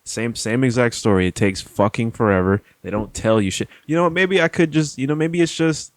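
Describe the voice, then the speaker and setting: A man's voice: mid-range voice, brisk, dry recording. A man hosting a podcast who talks bluntly in casual chat, swearing and repeating himself. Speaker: podcast host.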